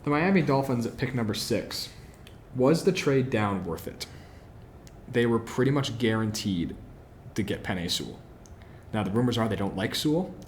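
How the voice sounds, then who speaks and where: A man's voice: mid-range voice, sing-song, normal speed, long pauses, slight background noise. A man hosting a solo football podcast, giving opinionated analysis, posing questions and answering them himself, with frequent fillers. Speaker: podcast host.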